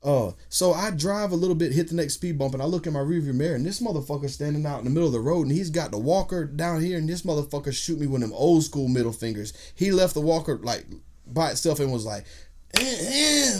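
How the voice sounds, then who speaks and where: Profane, animated man. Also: on the high side, fast talker. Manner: profane, animated storyteller acting out quotes. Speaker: podcast guest. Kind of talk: casual storytelling chat.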